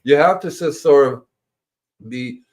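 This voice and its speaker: This gardening show host speaks unhurriedly in a darkish voice while running his livestream. His talk is casual and meandering, with repeated words and squeaky impressions of animals.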